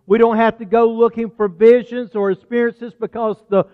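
A man with a high voice preaches a sermon, talking to his listeners like a friend and slowing down to stress key words. His voice has a tinny, phone-like sound with a long reverb trail, as if recorded in a church hall. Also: flat delivery, clear, resonant tone. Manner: conversational preaching, slows for emphasis.

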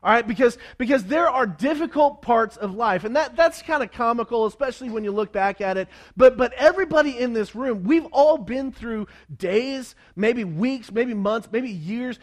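A man preaching to a congregation, telling a story in an animated way with many stumbling restarts and acted-out quotes. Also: very high-pitched, moderate pace, few pauses.

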